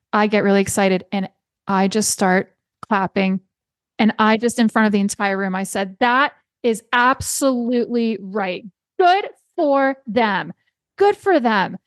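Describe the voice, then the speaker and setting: A middle-aged woman talks alone into the mic for her podcast, telling a story and working herself up into a passionate call to action. She leans on repetition for emphasis, and her voice sits at an ordinary pitch. The sound is dry and close, with no room around it. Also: no echo. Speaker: podcast host. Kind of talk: solo podcast monologue.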